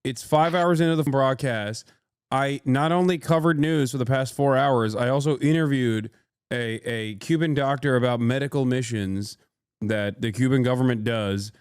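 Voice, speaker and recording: A man on a live stream who speaks straight at his chat, blunt and ready to argue. His voice comes through smooth and resonant, close on the mic in a dry, dead room. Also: medium pitch, normal speed, no echo. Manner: blunt, combative, addressing chat directly. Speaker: livestreamer.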